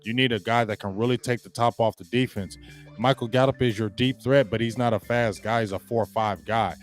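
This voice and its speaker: A man hosting a live sports talk stream, loud and emphatic, ranting and greeting viewers in the chat. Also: medium pitch, fairly even intonation, fairly quick, soft background music. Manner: trash-talking, loud and emphatic, greets chatters. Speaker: sports show host.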